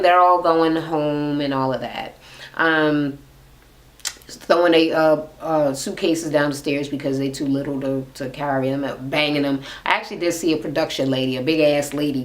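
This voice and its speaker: A woman's voice: low voice, moderate pace. A woman casually chatting through a reality TV recap in a gossipy, profane manner.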